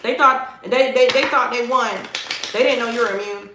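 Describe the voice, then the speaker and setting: A woman's voice: on the high side, steady tone, normal speed. A woman giving a livestreamed tarot reading. She is emphatic and slangy and repeats her phrases. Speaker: tarot reader. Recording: echoey room, faint noise.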